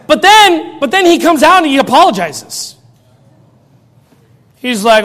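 A man preaching in a mocking, sarcastic rant, now and then bursting into shouts. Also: very high voice, sing-song, a little slow, long pauses. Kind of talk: ranting commentary. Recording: long reverb.

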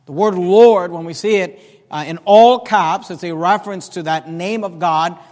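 High-voiced preaching man, echoing hall. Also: darkish tone. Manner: preaching, drawn-out emphatic quoting of scripture. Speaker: pastor. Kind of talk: sermon. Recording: long reverb of a large hall.

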